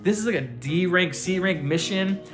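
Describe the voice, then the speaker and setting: A man voicing a doubtful, fussy guild clerk from a cartoon in a squeaky, quick voice, questioning whether the hero can handle the job. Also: lively intonation, a bit bright, faint music behind.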